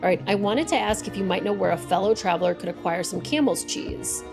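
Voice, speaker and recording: A man's voice: high voice, fairly quick, creaky, music in the background. A woman reading a polite, well-dressed male traveler in a game, in her own plain voice with no accent. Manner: polite, formal read-aloud dialogue.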